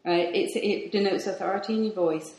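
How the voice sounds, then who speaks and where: A woman, a guest author and hypnosis practitioner, explains her ideas emphatically and ends her sentences on a falling pitch. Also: steady tone, a little fast, darkish tone. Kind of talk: conversational explaining. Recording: echoey room.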